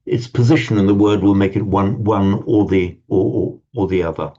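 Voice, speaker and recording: A language teacher lectures at normal speed, his lowish voice mellow and steady in tone. He digresses often, stammers through repeated restarts and slips in wry asides. The recording sounds dull and lo-fi.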